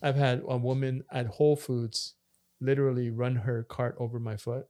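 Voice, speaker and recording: A man's voice: mid-range voice, little pitch movement, normal speed, mellow. Guy, pastor on a podcast, talks loose and rambly, lots of ums. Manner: talkative, storytelling with many fillers and restarts. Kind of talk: casual chat.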